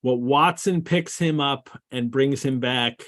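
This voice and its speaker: A man's voice: medium pitch, takes it slowly, fairly bright tone, no room sound. A man hosting a casual discussion of a classic novel, rambling with many restarts. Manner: rambling, lots of restarts and fillers. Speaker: podcast host.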